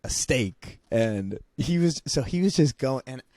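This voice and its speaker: A man's voice: mid-range voice, expressive, a little slow, dark tone, dry recording, clean studio sound. A young man telling a funny story to his grandmother in a casual chat. He laughs as he goes and often restarts his sentences. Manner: rambling, laughing, many restarts. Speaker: vlogger.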